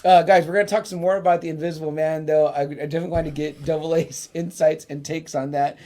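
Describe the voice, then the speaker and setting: Male podcast host, slightly high voice, animated, cussing, acts out scenes. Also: fast talker. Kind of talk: casual movie-review chat.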